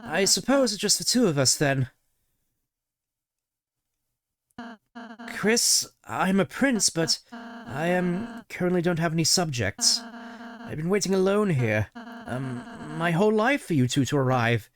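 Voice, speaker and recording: A man voicing a gentle, shy young goat prince in a video game, speaking softly and politely with hesitant little ums. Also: high-pitched, animated, measured pace, pitched above the performer's own voice. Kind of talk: video game voice-over reading.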